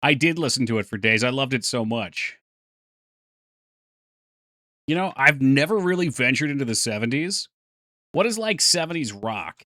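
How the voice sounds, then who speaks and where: A man's voice: medium pitch, animated, a little fast, sharp tone, no echo, clean studio sound. A man chatting casually on a live stream while working on his game, thinking aloud and answering chat. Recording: faint music behind voice.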